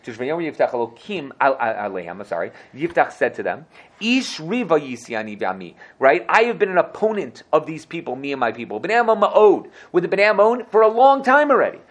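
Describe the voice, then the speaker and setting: A man leads a lively scripture lesson, reading each verse and then translating it. He throws himself into the quoted lines and often corrects himself mid-sentence. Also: fairly high pitch. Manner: self-correcting, quick asides. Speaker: Torah teacher. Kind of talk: lively Bible class teaching.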